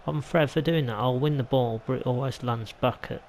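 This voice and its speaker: A gaming YouTuber from England commentates on his football video game in a mid-range, darkish voice, talking a little fast. He's chatty and rambling with mild asides, though the low-quality recording carries a little hiss or hum.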